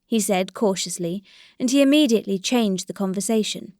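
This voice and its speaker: Woman reading an audiobook, steady, dead dry no room sound. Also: medium pitch, brisk, no echo. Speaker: audiobook narrator. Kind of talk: scripted narration.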